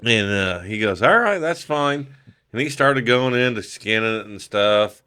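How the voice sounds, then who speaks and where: Bright-voiced, profane middle-aged man. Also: lowish voice, a little slow, clear, resonant tone. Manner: profane, animated, acts out quoted voices. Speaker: podcast guest. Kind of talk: casual storytelling.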